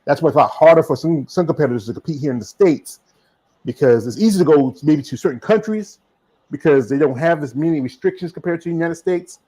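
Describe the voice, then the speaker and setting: A man's voice: fairly high pitch, expressive, fast talker, mellow, breathy edge, low-quality recording. A man with a Southern US accent hosting a podcast in casual chat, rambling with many fillers and restarts. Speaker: podcast host.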